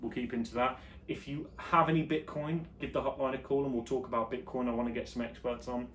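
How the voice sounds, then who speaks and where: A man hosting his own vlog show, chatting casually and jokily about the news, his voice jumping between loud and quiet. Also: medium pitch, fairly even intonation, fast talker, a little hiss or hum. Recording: echoey room with faint ambience.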